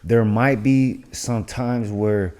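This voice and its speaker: A man's voice: lowish voice, slow pace, darkish tone. A young man co-hosting a podcast in casual chat, rambling along with heavy slang and swearing. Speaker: podcast co-host and fighter. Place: studio in Las Vegas.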